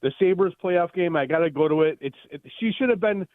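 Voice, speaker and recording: High-voiced caller on a tinny phone line. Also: male voice, animated, fairly quick, dry recording. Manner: rambling, stumbling, chuckling. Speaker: radio caller. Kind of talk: casual phone-in chat.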